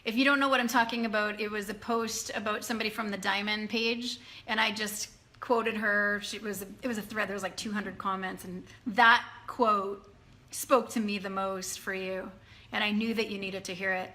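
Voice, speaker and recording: A woman's voice: medium pitch, fairly even intonation, normal speed, sharp tone. A woman coaching her business team in a casual live video at night, greeting viewers by name and talking loosely. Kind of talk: casual live-stream chat to followers. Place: dim room at night.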